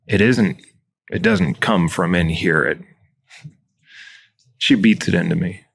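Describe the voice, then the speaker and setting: A man's voice: low-pitched, slow pace, gravelly, a bit bright, husky. A man talking candidly in a casual interview about running his business, reflective and often quoting his own thoughts. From Montana. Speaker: business owner guest.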